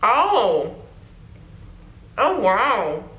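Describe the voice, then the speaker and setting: A woman's voice: mid-range voice, very animated, drawn-out words, fairly bright tone. Chatty South African woman in an echoey room. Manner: chatty and exclamatory. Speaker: vlogger. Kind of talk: casual taste-test vlog.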